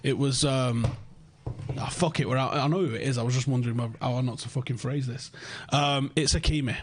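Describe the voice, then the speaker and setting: A man's voice: mid-range voice, fairly even intonation, a little fast. A man hosting a casual football podcast, swearing freely and acting out quoted conversations. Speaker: podcast host.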